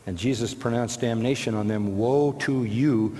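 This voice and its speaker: A man's voice: mid-range voice, moderate pace, mellow, a little hiss or hum. A man preaching a sermon, emphatic and rhetorical, answering imagined objections with short, repeated phrases. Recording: long reverb of a large hall.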